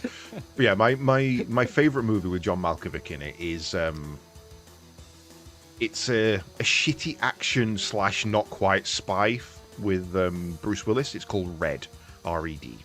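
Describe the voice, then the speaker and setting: A man's voice: deep voice, expressive, a little slow, a bit bright, faint music behind. A man streaming a game, chatting casually, swearing and laughing often. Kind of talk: casual chat while gaming.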